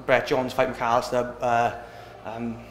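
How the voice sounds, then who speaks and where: A man's voice: medium pitch, monotone, unhurried, roomy sound, a little hiss or hum. A young man from Britain, an MMA fighter talking casually after a win, rambling and often asking "do you know what I mean". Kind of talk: post-fight interview.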